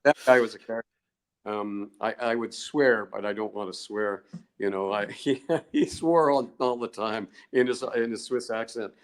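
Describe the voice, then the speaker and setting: A man's voice: fairly low pitch, moderate pace. Older man telling rambling stories. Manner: rambling, digressive, chuckles often. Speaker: guest researcher. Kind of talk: storytelling in a podcast interview.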